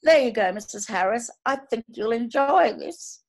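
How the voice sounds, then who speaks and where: A woman's voice: on the high side, animated, normal speed, creaky, a little mellow. An Australian woman reading the lines of a courteous, formal male waiter. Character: polite smooth male train waiter.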